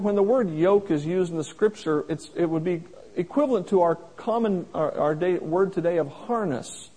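Husky, high-voiced man preaching a sermon. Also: mellow, poor audio. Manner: folksy, plain-spoken preaching with everyday examples; slows down to stress quoted scripture. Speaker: pastor.

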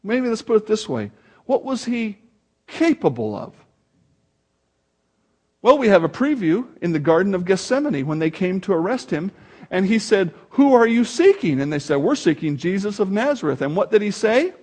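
A man's voice: high-pitched, moderate pace. A man preaching a sermon, emphatic and dramatic, reading scripture aloud. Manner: animated, emphatic preaching with dramatic swings in loudness. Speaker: pastor.

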